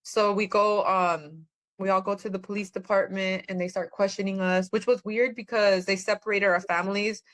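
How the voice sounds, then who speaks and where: A woman's voice: medium pitch, steady tone, normal speed. A woman, a guest on a podcast, telling her own story in a rambling, earnest way with many fillers. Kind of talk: personal testimony in conversation.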